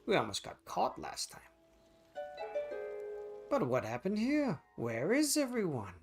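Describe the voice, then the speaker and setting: A man voicing a refined, scheming middle-aged father who lives as a dandy gentleman, in a video game. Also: sits high, huge pitch swings, a little slow, vocal fry, over music, voice pushed up, exaggerated voice. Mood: curious.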